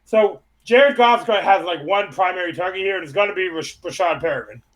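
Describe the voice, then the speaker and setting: Man, high voice, bright and forceful, casual football chat, reads off names and dates. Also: a little fast. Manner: laughs while listing team names and schedules. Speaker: podcast co-host.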